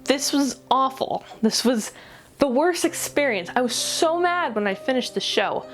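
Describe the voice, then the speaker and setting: A woman reviewing an anime in a ranty vlog, exasperated, rapid and swearing. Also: sits high, lively intonation, soft background music.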